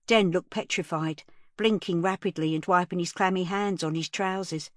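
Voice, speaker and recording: A woman's voice: on the low side, steady tone, normal speed, no echo, studio quality. A woman reading a first-person audiobook, narrating as the story's teller. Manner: plain storytelling.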